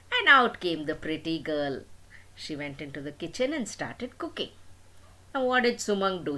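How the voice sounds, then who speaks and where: An older woman telling a folk tale to children in an animated, dramatic way. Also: medium pitch. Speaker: storyteller. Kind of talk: storytelling to children.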